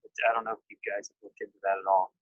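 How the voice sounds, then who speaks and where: A man talking casually in a group chat, excited and rambling, tossing out his own theories and the odd swear word. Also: on the low side, racing, no room sound, narrow, tinny audio.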